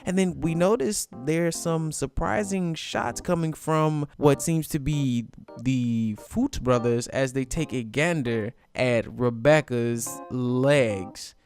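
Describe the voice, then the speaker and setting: A man's voice: medium pitch, takes it slowly, a little mellow. A man casually recapping a manga chapter as host, chatty and laid-back, with plenty of "you know" fillers. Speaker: manga reviewer. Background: background music.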